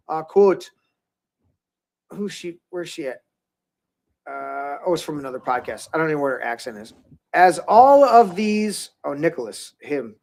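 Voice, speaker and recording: A man's voice: high voice, a little mellow. A man hosting a political talk podcast, rambling in a loose, swearing, casual way. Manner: rambling, swears freely, restarts often. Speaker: podcast host.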